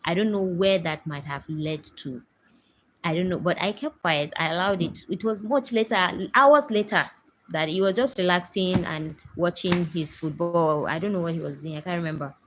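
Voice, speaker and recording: A woman's voice: lowish voice, moderate pace, a little hiss or hum, poor audio. A woman in her thirties with a Nigerian English accent, hosting a casual chat from home and telling stories with emphatic asides to her viewers. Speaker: host. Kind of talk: casual chat to a live audience.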